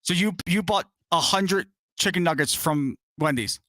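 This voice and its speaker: A man co-hosting a casual show-review stream, energetic, joking and profane. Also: a little high, normal speed, no echo. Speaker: podcast co-host.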